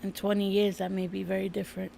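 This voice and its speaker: A woman's voice: mid-range voice, little pitch movement, fast talker, gravelly, mellow. A woman co-hosting a casual livestream, laughing often and talking loosely with some swearing. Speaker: livestream co-host. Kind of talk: casual live-stream chat.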